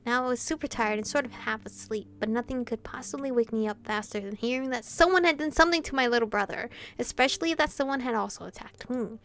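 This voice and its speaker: A woman streamer reading a visual novel aloud, animated and reactive, breaking off to comment on the story. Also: fairly high pitch, fast, hardly any pauses. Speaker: gaming streamer.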